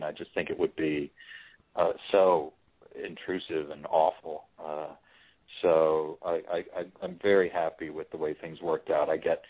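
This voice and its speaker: A low-voiced man, sounding like a working writer and voice actor, chats easily as an interview guest, often restarting his sentences. His voice comes through a thin, phone-like line that cuts the lows and highs, and he sounds relaxed and unhurried.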